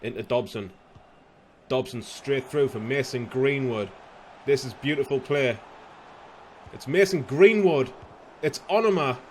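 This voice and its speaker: A young man commentating his own football video game, slightly hoarse, bursting into shouts and laughter at goals. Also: mid-range voice, a little hiss or hum. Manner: excitable, shouts at goals, casual swearing. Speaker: gaming youtuber.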